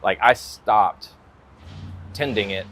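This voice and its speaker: American man, lowish voice, rambling casual talk, many fillers. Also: slow pace, a bit bright. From United States. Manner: rambling, full of "like" and "you know" fillers. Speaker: guest artist.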